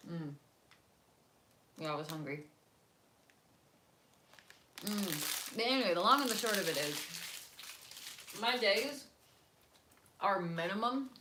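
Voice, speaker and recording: A young woman with a slightly low voice chats on a live stream from home. She rambles from topic to topic, talking through bites of a snack as she moves around the house. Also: noisy background. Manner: chatty, rambling, eating while talking. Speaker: vlogger. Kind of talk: casual live-stream chat. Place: home, indoors, moving around.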